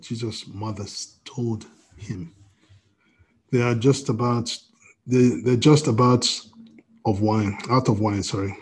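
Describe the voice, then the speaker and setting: A man preaching a sermon as pastor, telling a personal story with acted-out dialogue and swings from loud to quiet. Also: fairly low pitch, husky. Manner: storytelling with quoted dialogue, wide swings in loudness. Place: church service via video call.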